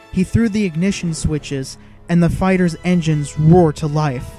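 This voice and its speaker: A man's voice: fairly high pitch, measured pace, mellow, faint music behind. A man giving dramatic, vivid scripted narration of an audiobook.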